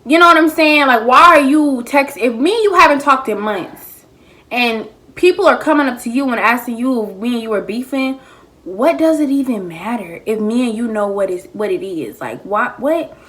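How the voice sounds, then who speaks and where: A woman telling a casual storytime to her viewers, animated and slangy, talking straight to the camera while she eats. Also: a little high, moderate pace. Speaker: vlogger.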